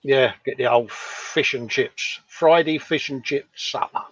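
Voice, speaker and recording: A man's voice: mid-range voice, a little slow, lo-fi sound, a little hiss or hum. A man co-hosting a casual live chat, joking and laughing as he goes. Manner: jokey, laughs often. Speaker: co-host.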